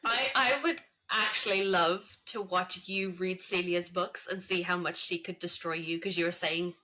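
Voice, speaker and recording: A woman's voice: fairly low pitch, fairly even intonation, normal speed, sharp tone. A woman co-hosting a book podcast, chatting casually and telling stories animatedly. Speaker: podcast co-host.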